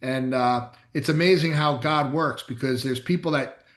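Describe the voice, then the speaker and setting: In an echoey room, a middle-aged chiropractor co-hosting a casual podcast tells emphatic, blunt stories with occasional mild swearing. His mid-range voice has a fairly bright tone and a moderate pace.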